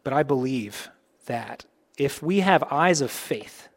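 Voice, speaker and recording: A man preaching a sermon in a conversational way, swinging between emphatic, louder points and soft, low asides. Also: expressive, slow. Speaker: pastor.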